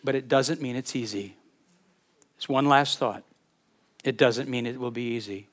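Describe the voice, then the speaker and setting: A man preaching a sermon as a pastor, earnest and heartfelt, often repeating words as he searches for them and dropping from emphatic to hushed. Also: mid-range voice, normal speed.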